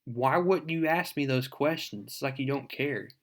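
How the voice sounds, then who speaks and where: A man's voice: medium pitch, normal speed, lightly acted. Defiant teenage girl, read out by a man. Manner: heated, protesting. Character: teen girl, defiant and indignant.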